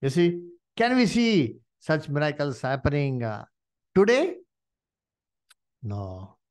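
Animated preacher with a lively voice. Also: male voice, fairly high pitch. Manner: animated, many "you see" and "uh" fillers; addresses listeners as "dear brethren". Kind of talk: Bible study sermon.

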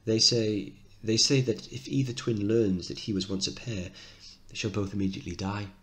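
Man as a cold rich lady, low and menacing, deep voice. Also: fairly even intonation, normal speed, a bit bright, close to an everyday voice. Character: wealthy mother, cold and threatening.

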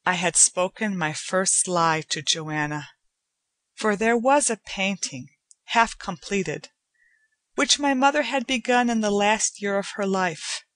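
A woman narrating a short story in a measured, unhurried storytelling manner. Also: medium pitch, fairly bright tone, no room sound. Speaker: audiobook narrator. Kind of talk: scripted narration.

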